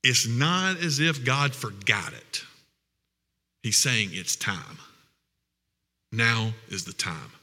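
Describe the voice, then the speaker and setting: A man preaching a sermon as pastor, with earnest, emphatic, drawn-out phrasing. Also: mid-range voice, animated, bright, forceful tone, big-room sound.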